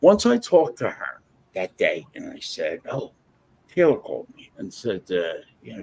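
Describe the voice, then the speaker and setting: Husky, foul-mouthed man telling a story. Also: fairly low pitch, normal speed. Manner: profane, blunt and animated. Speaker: livestream host. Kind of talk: casual storytelling chat.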